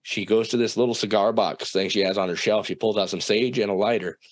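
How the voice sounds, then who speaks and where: A young man with a low voice tells a personal story in a loose, animated way. He swears freely and jumps into the voices of the people he describes. The sound is dry and close, with little room around it. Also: fast talker, no echo. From South Dakota. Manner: profane, animated storytelling with quoted dialogue. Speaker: guest storyteller. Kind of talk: casual spoken story.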